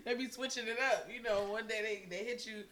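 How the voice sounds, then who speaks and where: A man's voice: high-pitched, steady tone, brisk, bright, forceful tone, a little hiss or hum. A man co-hosting a podcast, teasing and laughing through slangy casual banter. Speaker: podcast co-host.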